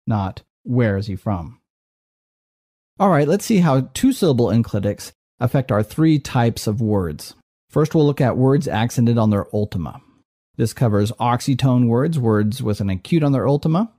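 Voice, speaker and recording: Methodical male professor, mellow voice. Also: medium pitch, animated, normal speed, dry recording, studio quality. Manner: methodical, clearly enunciated explanation. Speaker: Greek professor. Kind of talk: recorded lecture.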